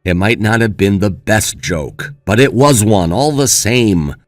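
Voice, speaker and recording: A man's voice: on the low side, measured pace, dry recording, clean studio sound, faint music behind, close to an everyday voice. A man playing a careless young groom who brushes off his bride with taunting, dismissive remarks. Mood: mocking.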